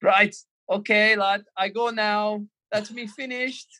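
A stubborn, deadpan footballer , as a man puts him on, talks in short clipped phrases with a mock Scouse-German accent. The voice sits well above the teller's own, and the lines land flat and final. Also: high voice, takes it slowly, no room sound, pitched above the performer's own voice, heavily acted. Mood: matter-of-fact. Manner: clipped broken sentences, stubborn. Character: eccentric blunt male footballer, stubborn and deadpan.

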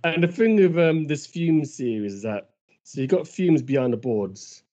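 Mellow-voiced man telling anecdotes. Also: a little high, lively intonation, moderate pace. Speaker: podcast co-host. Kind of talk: casual podcast chat. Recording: dull lo-fi sound.

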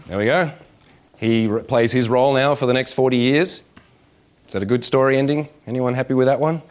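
A man delivering a live seminar as a dating coach, his voice sitting at an ordinary middle pitch. He talks in an animated, profane and joking way and keeps slipping into voices to act out little scenes. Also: fairly quick. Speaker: dating coach speaking at a workshop. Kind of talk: live seminar talk to an audience. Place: indoor event room with about 160 people.

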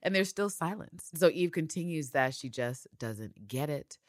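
A woman's voice: low-pitched, expressive, moderate pace, no room sound, clean studio sound. A woman co-hosting a TV recap podcast, ranting in a sassy, profane, casual way. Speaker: podcast co-host.

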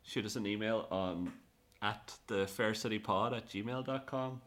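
A man's voice: lowish voice, unhurried, a bit bright. An Irish man hosting a podcast chat, joking and laughing along as he leads each segment. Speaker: podcast host. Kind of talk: casual panel chat.

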